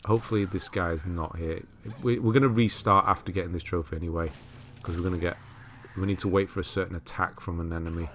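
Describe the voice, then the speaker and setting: A man giving relaxed, chatty commentary over a game walkthrough, laughing at himself and correcting his own words. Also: deep voice, fast talker, few pauses, a little hiss or hum. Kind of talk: casual gameplay commentary.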